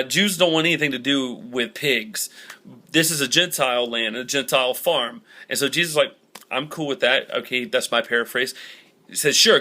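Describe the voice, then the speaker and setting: A man's voice: mid-range voice, sharp tone. A young man giving an upbeat, conversational Bible lesson in a storytelling manner. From Southern United States. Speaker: Bible teacher.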